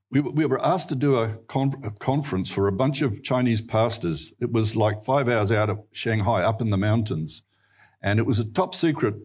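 A man with a New Zealand accent preaching a sermon, telling stories earnestly and rising in pitch for emphasis. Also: a little mellow. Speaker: pastor.

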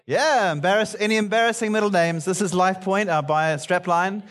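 A man's voice: sits high, steady tone, normal speed, fairly bright tone. A middle-aged male pastor preaching a sermon, playfully bantering with his congregation.

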